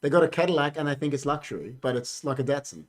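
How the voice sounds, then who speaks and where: A man's voice: fairly high pitch, expressive, quick pace. A young Australian man co-hosting a casual podcast chat, talking emphatically and ending boasts with "bro". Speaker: podcast co-host.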